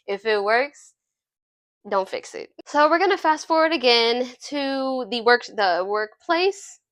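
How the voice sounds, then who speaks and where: A young adult woman reviewing a film in casual chat, animated and chatty, often laughing as she retells scenes. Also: a little high, measured pace, no room sound. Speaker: movie reviewer.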